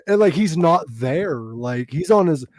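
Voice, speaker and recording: A man co-hosting a casual podcast, telling stories in an animated, profane way. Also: fairly high pitch, measured pace, no echo, low-quality recording. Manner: animated, profane, laughs often. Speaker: podcast co-host. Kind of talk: casual chat, storytelling.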